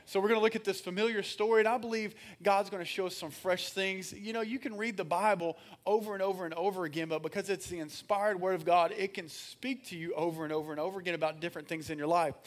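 A man preaching a sermon as pastor, energetic, calling on the congregation to answer and reading scripture aloud with frequent fillers. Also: high voice, fast, few pauses. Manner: energetic, calls for congregation responses.

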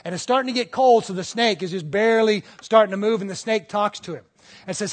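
A male pastor with a high voice moves at a quick pace through a conversational sermon. He checks in often with the congregation and performs the voices within the brief stories he tells.

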